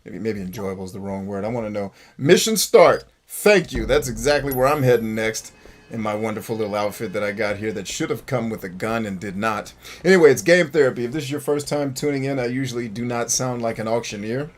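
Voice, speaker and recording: A man's voice: mid-range voice, animated, fairly quick. A man hosting a gameplay stream, joking, rambling and talking to his chat. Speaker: gaming streamer host. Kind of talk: casual gameplay commentary.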